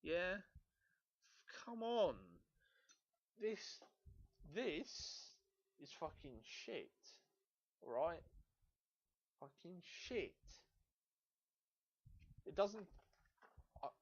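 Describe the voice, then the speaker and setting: A young man rants about games, exasperated and cursing nonstop. His slightly high voice leaps up and down with every complaint. The home recording sounds muffled and lo-fi. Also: drawn-out words, long pauses. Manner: exasperated, swears constantly, animated rant. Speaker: gaming video host. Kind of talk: profane ranting review.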